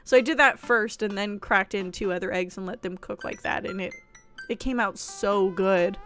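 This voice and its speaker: A woman's voice: mid-range voice, moderate pace, a bit bright, soft background music. A young woman streamer chatting casually, rambling and laughing easily while she plays a game. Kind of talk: casual chat and reading a game aloud.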